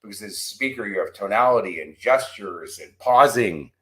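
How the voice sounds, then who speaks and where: A man on a podcast as a guest coach and author, telling lively stories and acting out the exchanges he quotes. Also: on the low side, normal speed, rough recording. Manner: animated storyteller, acts out quoted exchanges. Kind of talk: storytelling podcast interview. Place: abroad in Australia, remote interview.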